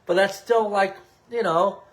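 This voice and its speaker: A man's voice: high-pitched, fairly even intonation, measured pace. A man in his thirties hosting a podcast from his apartment, ranting in a heated, rambling way with lots of swearing and restarts. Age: 30s. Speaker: podcast host. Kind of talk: casual opinion rant.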